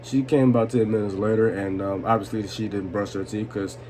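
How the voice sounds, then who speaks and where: A man's voice: fairly low pitch, fairly even intonation, brisk, a little mellow, a little hiss or hum. Tipsy young man telling a story. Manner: loose, swearing, laughing, asks "you know what I'm saying". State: tipsy from vodka. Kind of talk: drunk storytime, casual and profane.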